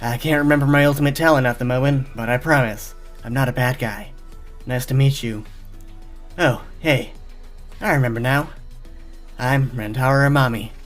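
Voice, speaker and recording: A man doing a mellow, deadpan young guy. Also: close to an everyday voice. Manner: low, easygoing, deadpan. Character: laid-back young man, calm and reassuring.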